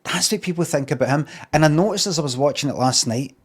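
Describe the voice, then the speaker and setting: Slightly rough and a little high, the voice belongs to a Scottish streamer talking quickly with lively intonation. He rambles casually, swears, and leans heavily on ums and uhs.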